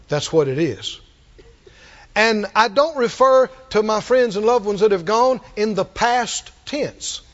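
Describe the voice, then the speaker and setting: A preacher with a strikingly high voice that swings widely in pitch as he builds his points. He speaks slowly and deliberately, rising into shouted refrains. The sound is muffled and lo-fi, like an old sermon recording.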